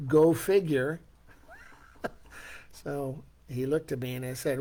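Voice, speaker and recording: A man's voice: medium pitch, takes it slowly, long pauses, dark tone. An older man giving a motivational talk, telling a personal story in an earnest, reflective way and asking rhetorical questions. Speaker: speaker.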